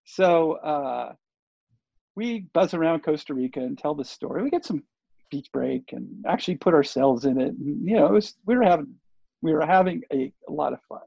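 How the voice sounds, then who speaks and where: A man's voice: fairly high pitch, lively intonation, moderate pace, creaky, warm tone, husky, dry recording. An older man, a guest on an interview show, telling a story in a loose, rambling way with lots of fillers and restarts. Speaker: interview guest, surf TV producer. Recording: dull lo-fi dry recording.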